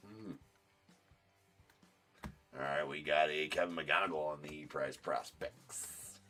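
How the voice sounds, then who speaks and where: A man's voice: rumbling low, slow pace, pauses often, bright, forceful tone, faint music behind. A man hosting a live card break stream, chatting casually and joking as he opens packs, with the odd swear.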